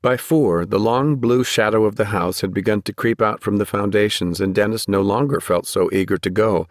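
A man narrating a fantasy novel at a measured, steady pace. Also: fairly low pitch, dry recording, clean studio sound. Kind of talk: audiobook narration.

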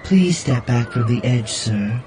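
A man's voice: medium pitch, expressive, a little slow, noisy background, voice pushed up, natural voice. A man reading an audiobook voices a prim, cheerful male service droid with scripted automated politeness. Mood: polite. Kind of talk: audiobook narration.

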